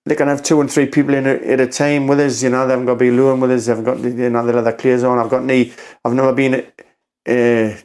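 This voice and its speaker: A man with a Geordie accent, a podcast guest telling a story in a rambling, halting way, acting out quotes with "I says". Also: mid-range voice, level tone, a little mellow, smooth. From Newcastle, England. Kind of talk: casual storytelling conversation.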